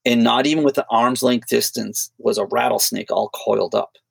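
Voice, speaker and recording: Gravelly man telling a rambling story. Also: medium pitch, normal speed, no echo. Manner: rambling, profane, animated retelling. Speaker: podcast co-host. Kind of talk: casual storytelling.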